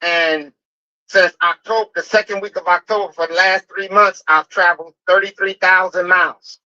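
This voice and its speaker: Guy calling into a stream, bright tense voice, muffled lo-fi line. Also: sits high, steady tone, moderate pace. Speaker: caller. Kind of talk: phone-in call. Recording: dull lo-fi call audio.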